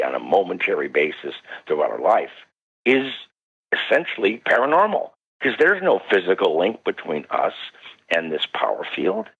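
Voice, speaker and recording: A man being interviewed as a guest parapsychologist, telling stories animatedly with sudden jumps in pitch. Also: gravelly, fairly bright tone, slightly rough. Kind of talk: recounting stories in a radio interview. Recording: dull lo-fi radio call.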